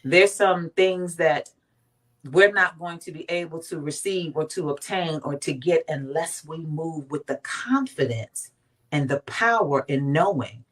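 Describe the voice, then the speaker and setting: A woman's voice: low-pitched, unhurried. A woman from Washington, D.C., a guest on a faith talk show, speaking emphatically and acting out quotes. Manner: emphatic, animated storytelling with acted quotes.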